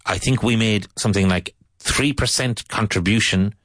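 A man with an Irish accent explaining patiently in casual talk, pausing to search for words, as a teacher. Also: lowish voice, a bit bright, dry recording.

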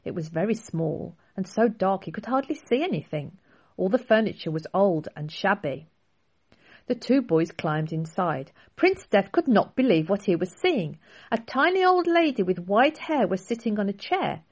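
A woman author reading her own children's book aloud in a clear, expressive storybook style. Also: medium pitch, normal speed.

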